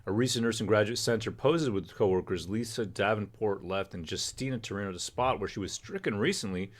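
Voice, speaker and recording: Low-voiced man hosting a livestream. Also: brisk. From Canada. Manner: rambling, joking storyteller. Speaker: livestream host. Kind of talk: casual livestream chat.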